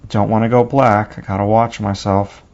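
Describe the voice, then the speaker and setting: Male drawing instructor, gravelly, thinks aloud while sketching, muffled lo-fi sound. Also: lowish voice, level tone, a little mellow. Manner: unhurried, talks himself through each stroke while drawing. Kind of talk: step-by-step drawing lesson. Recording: dull lo-fi recording.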